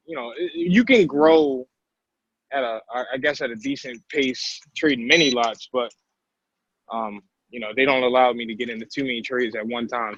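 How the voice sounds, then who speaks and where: A man's voice: fairly high pitch, a bit bright, no room sound, lo-fi sound. A man calling in with questions in a casual chat, hesitant and rambling with many fillers. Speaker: caller asking questions.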